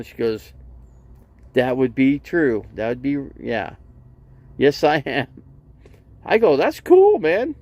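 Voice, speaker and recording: An RV vlogger with a mid-range voice tells a long, rambling story in casual livestream chat, captured in a dry recording. He keeps restarting, says "you know" a lot, and acts out both sides of a conversation.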